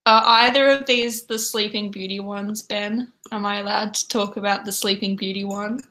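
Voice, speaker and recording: A woman's voice: mid-range voice, steady tone, moderate pace, sharp tone. A young Australian woman with an Australian accent, chatting casually to viewers as a livestream host from home. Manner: chatty, reads and answers chat. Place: home room.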